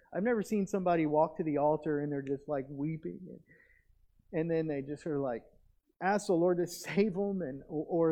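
A man preaching a sermon as pastor, earnest and conversational, with animated asides. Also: on the high side. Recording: dull lo-fi recording.

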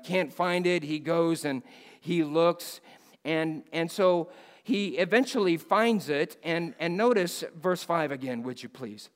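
Preaching at a church missions conference, this man alternates loud bursts with low, quiet lines in an animated, emphatic sermon, and the recording has a big-room sound.

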